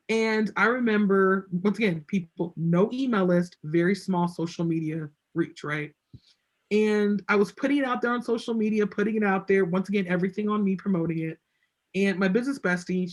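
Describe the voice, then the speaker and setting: A woman as an interview guest, telling a story casually and acting out what people said to her. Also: on the low side. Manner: chatty, acts out quoted voices. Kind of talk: casual storytelling on a video call.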